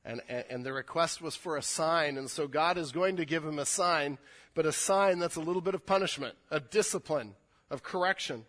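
Male pastor, sermon, animated and emphatic, slightly high voice. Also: normal speed. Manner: animated, building to emphatic peaks.

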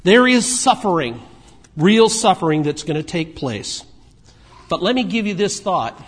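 Guy preaching, fairly high voice, chatty, punchy then soft. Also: very animated, a little slow, slightly rough. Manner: conversational preaching, shifts from emphatic to quiet asides. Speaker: pastor. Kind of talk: sermon.

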